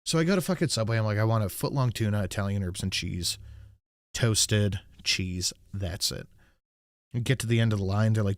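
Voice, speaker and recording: A man's voice: fairly low pitch, brisk, no echo, studio quality. A man hosting a podcast, telling stories in casual, profane chat, laughing often. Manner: animated storyteller, laughs often, reads chat aloud. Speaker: podcast host.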